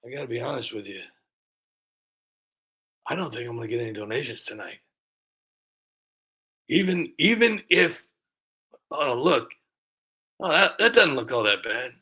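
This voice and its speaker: A man's voice: medium pitch, big pitch swings, normal speed, long pauses, bright, forceful tone, slightly rough. A man hosting a live stream who rambles in a casual, sarcastic, self-mocking way between clips. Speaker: streamer host.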